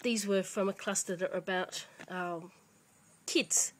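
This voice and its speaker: Mid-pitched woman, chatty home vlog to camera, rambling delivery with restarts. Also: steady tone, a little slow, a little hiss or hum. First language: English. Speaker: parent showing children's books. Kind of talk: casual show-and-tell chat. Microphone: camera mic.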